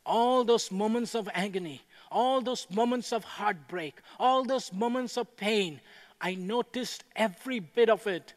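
A high-pitched male pastor preaching in a big, echoing hall. He speaks in measured, earnest phrases and rises to fervent, ringing declarations. Every line carries a long reverb tail. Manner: builds to impassioned proclaiming. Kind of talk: sermon.

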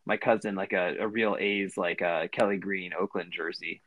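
A man's voice: low-pitched, fairly even intonation, moderate pace, dry recording, phone-quality sound. A man in his thirties co-hosting a podcast, telling a long story in a rambling way with lots of fillers and restarts. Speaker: podcast co-host. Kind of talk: casual storytelling chat.

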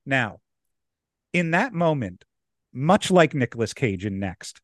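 A young man and podcast co-host, telling a story in casual chat, animated and laughing as he acts out the people in it. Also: medium pitch, slow, dry recording, studio quality.

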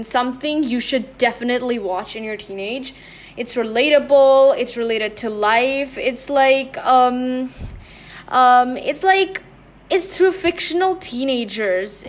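A young woman hosting her own podcast, chatting casually with lots of fillers and restarts. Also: high voice. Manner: rambling, many fillers and restarts. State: slightly out of breath. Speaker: podcast host. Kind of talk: casual chat.

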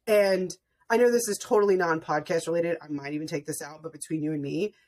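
A woman's voice: deep voice, steady tone, a little fast, darkish tone, a little hiss or hum. A woman hosting a podcast, chatting casually and telling stories as a mother, with many filler words. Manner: chatty, storytelling with frequent "like" fillers. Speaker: podcast host. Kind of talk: casual conversational interview.

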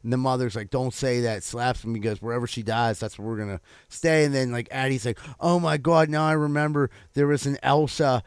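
A man's voice: mid-range voice, fairly even intonation, fairly quick, few pauses, clear, resonant tone, dry recording, studio quality. A man co-hosting a podcast, telling a story in casual banter, his voice jumping up when indignant. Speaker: podcast co-host.

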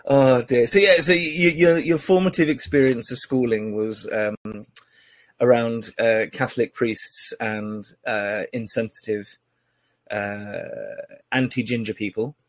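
A man's voice: mid-range voice, steady tone, unhurried, no echo. A man hosting a podcast in casual chat, rambling with many fillers and joking. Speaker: podcast host.

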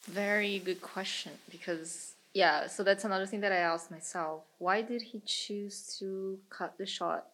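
A woman's voice: medium pitch, steady tone, measured pace, hardly any pauses, fairly bright tone, poor audio. A woman in a casual film discussion who asks reflective questions about how the film was made.

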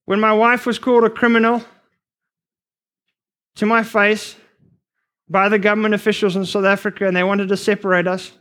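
A man preaching a sermon to future missionaries, earnest and emphatic, sometimes rushing his words. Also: sits high, flat delivery, fairly bright tone. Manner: earnest, emphatic, rushes at times.

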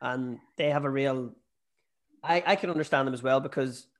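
A man's voice: medium pitch, normal speed. Northern Irish man hosting a casual podcast. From Northern Ireland. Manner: conversational, swears casually. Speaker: podcast host. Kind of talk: casual chat.

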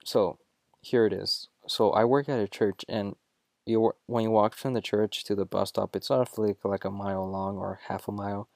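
A young man with a fairly low voice hosts his own show and tells a personal story casually. He jokes, gets animated, and often stops to correct himself. The sound is dry and close, with no room echo. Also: moderate pace, vocal fry. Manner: jokey and animated, with self-corrections. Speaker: show host.

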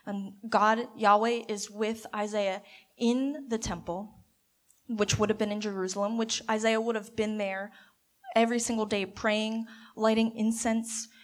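A woman giving a halting, imaginative reflection at a church gathering, with many restarts. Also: medium pitch. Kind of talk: sermon reflection.

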